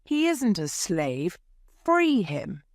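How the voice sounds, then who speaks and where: A woman voicing an excited, bold young boy in a storybook reading. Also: lowish voice, takes it slowly, dry recording, studio quality, full character voice.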